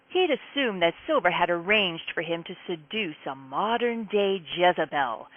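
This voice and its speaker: A woman's voice: lowish voice, no room sound. A woman author reading an excerpt from her own novel aloud with dramatic, emphatic storytelling. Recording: tinny phone-like dry sound.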